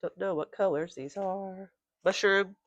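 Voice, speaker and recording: A woman's voice: mid-range voice, fairly even intonation, a little slow, no room sound, muffled recording. A woman vlogging about crochet in a casual, rambling, chatty way. Her voice is congested and nasal. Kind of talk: casual show-and-tell chat.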